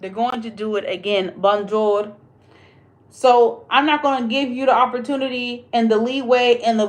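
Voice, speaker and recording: A woman hosting a casual livestream chat, ranting in a blunt, emphatic way and swearing freely. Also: on the high side. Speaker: livestream host.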